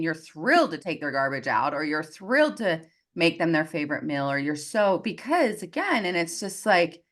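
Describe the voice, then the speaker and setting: A woman coaching on a live group call, lively and expressive, acting out quoted voices as she talks. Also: on the low side. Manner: animated, acts out quoted voices. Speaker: success coach.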